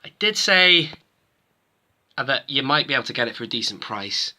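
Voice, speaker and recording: A man with a strikingly bright, forward tone talks casually to camera as he reviews collectible figures. He rambles, doubles back and corrects himself as he goes, in an easygoing, conversational manner. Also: medium pitch, big pitch swings, moderate pace. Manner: rambling, chatty, self-interrupting. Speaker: toy collector channel host.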